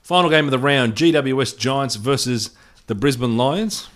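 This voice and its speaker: A man's voice: medium pitch, lively intonation, normal speed. A man hosting a casual sports podcast, reading team changes and laughing often. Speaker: podcast host.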